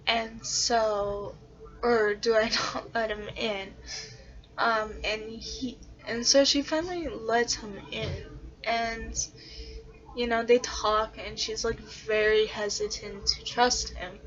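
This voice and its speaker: Slow, hesitant woman telling a story. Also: on the high side, a bit bright. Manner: hesitant, full of fillers. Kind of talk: casual storytelling. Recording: dull lo-fi recording.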